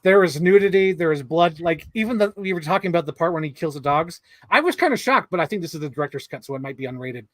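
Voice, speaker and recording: A man co-hosting a casual film chat, excitable and chatty, leaning on "like" a lot. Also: on the high side, fast. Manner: chatty, leans heavily on 'like', excitable. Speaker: co-host. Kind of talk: casual chat about films.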